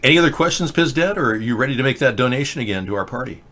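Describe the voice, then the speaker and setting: Hosting a relaxed live political video chat, this man reads out viewer comments and tweets in a sarcastic, rambling way. His voice is medium in pitch and fairly bright, with lively intonation and a rapid-fire pace.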